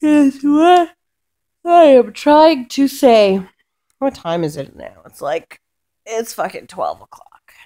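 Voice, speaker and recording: A woman's voice: high-pitched, animated, takes it slowly, warm tone. A young woman venting in a rambling, exasperated way, swearing often and restarting her sentences as she tells about her week. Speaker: vlogger. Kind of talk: casual rant to camera.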